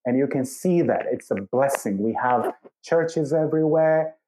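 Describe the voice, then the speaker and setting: A Brazilian man speaking English with a British-tinged accent, answering thoughtfully with many pauses as an interview guest. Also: medium pitch, warm tone, a little hiss or hum, rough recording. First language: Portuguese. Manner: thoughtful, hesitant, with many fillers. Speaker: guest, church leader.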